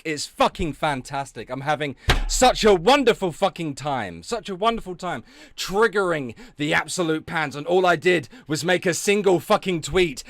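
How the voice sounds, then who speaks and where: A man's voice: fairly high pitch, expressive, moderate pace, dry recording. A man streaming live, ranting with heavy swearing and sarcasm and stopping to thank viewers for donations. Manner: profane, sarcastic, loud outbursts. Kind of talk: ranting livestream chat.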